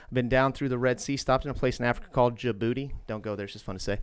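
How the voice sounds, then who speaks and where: Smooth-voiced talkative man from Indiana. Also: medium pitch, fairly even intonation, rapid-fire, few pauses. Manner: talkative, rambling with fillers. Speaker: podcast co-host. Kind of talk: casual podcast chat.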